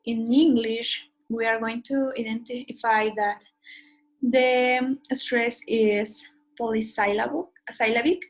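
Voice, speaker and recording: A woman talks through a linguistics lesson in a fairly high voice. She hesitates often, filling pauses and restarting her phrasing as she explains. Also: fairly even intonation, rough recording. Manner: hesitant, many fillers and restarts.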